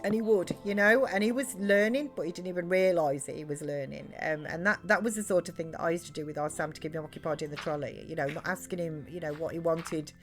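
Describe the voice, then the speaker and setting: Chatty British woman, low voice. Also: fast, hardly any pauses, faint music behind. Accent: British English. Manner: rambling, chatty, full of fillers and restarts. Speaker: streamer. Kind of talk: casual chat while live-streaming a game.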